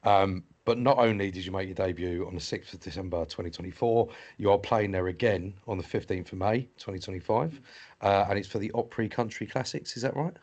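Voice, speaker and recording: A man hosts a relaxed interview, rambling through his questions with plenty of ums and quick laughs. His voice sits a little low. The sound is dull and lo-fi, like call audio. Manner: rambling, filler-heavy, laughs often. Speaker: host. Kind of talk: casual interview.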